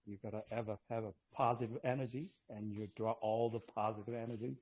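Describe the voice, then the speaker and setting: A man chatting as a guest on a podcast, excitable and laughing, stumbling over his words. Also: lowish voice, slight background noise. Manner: excitable, laughing, halting restarts. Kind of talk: casual chat. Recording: dull lo-fi call audio.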